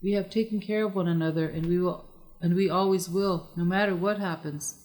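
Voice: medium pitch, steady tone, a little fast, a little mellow, natural voice. A reader voicing a timid, pleading widow. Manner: timid and earnest. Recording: long echoey reverb.

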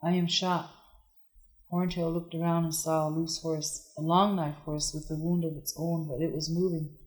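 A narrator reading a historical novel aloud in a measured, even delivery. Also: mid-range voice, rough recording. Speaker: audiobook narrator.

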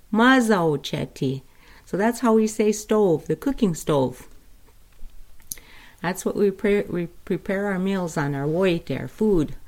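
A woman teaching vocabulary of her people's language, speaking slowly and patiently and repeating each word for listeners to say along with her. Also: on the low side, darkish tone. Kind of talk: spoken language lesson.

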